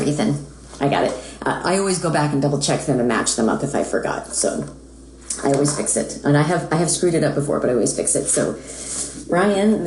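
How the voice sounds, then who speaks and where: Low-voiced chatty American woman. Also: darkish tone, roomy sound, a little hiss or hum, rough recording. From United States. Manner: chatty, talks while she signs. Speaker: voice actress signing autographs. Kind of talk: casual live-stream chat.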